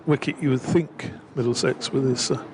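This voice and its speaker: A man's voice: mid-range voice, fairly even intonation, normal speed, noisy background. A man giving live, rambling cricket commentary with lots of fillers, from a gazebo at the ground. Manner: chatty, rambling with frequent fillers.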